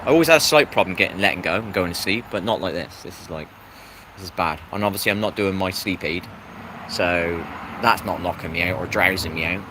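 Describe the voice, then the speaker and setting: A low-voiced English man chats loosely on a live stream, wandering from thought to thought and greeting viewers. He is recorded outdoors near a road, and loud traffic noise runs under his voice. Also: fairly quick. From England. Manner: meandering, repeats himself, greets chat viewers. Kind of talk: rambling live-stream chat.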